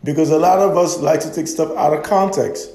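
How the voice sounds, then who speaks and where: A man's voice: a little high, fairly even intonation, brisk, warm tone. Emphatic man ranting in a roomy space. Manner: emphatic, argumentative, repeats points. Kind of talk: opinionated monologue. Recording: roomy echo.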